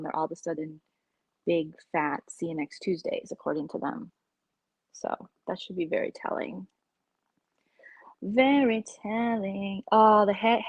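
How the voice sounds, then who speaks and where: A woman's voice: on the low side, breathy edge, no room sound, highs cut off. A woman hosting a casual live-stream chat, gossiping candidly and sometimes dropping to a whisper.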